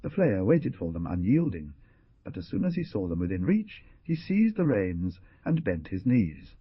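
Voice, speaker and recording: A man narrating an adventure audiobook in an expressive storytelling manner. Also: fairly low pitch, moderate pace, breathy edge, no room sound. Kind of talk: scripted narration. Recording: dull dry lo-fi.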